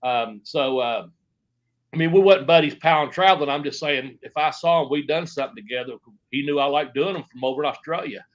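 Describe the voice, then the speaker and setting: Guy with a slightly high voice telling old wrestling stories in an interview, rambly, kinda dull lo-fi audio. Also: fairly quick. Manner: rambling, filler-heavy, acts out quotes. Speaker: former pro wrestler, interview guest. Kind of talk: shoot interview storytelling.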